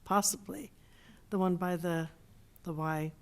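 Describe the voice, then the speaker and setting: A woman speaks at a city council meeting. She talks in halting bursts with frequent restarts and slows down when reading from a text. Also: fairly low pitch, fairly even intonation, clear, resonant tone. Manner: halting, many restarts, reads slowly from a text. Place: council chamber.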